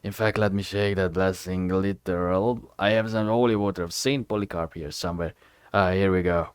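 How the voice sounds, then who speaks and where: A man voicing a gentle, soft-spoken old priest who talks in a kindly, hushed way. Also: deep voice, steady tone, moderate pace, clear, resonant tone, no echo, studio quality, pitched below the performer's own voice, natural voice.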